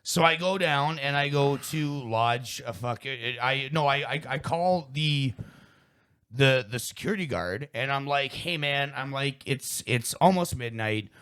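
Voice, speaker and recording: A man's voice: medium pitch, measured pace, clean tone. A young man hosting a podcast, telling a story in casual chat, swearing often and acting out what people said. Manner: animated storyteller, swears a lot, acts out quotes. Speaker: podcast host.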